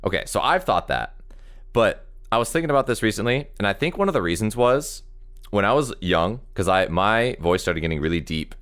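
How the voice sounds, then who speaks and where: A young man with a deep, very low voice that stays smooth and resonant. He co-hosts a casual podcast, winding through his stories with plenty of fillers and restarts. It sounds like easy talk among friends. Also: lively intonation, a little fast, a bit bright. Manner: rambling, filler-heavy storytelling. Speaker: podcast co-host. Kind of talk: casual chat.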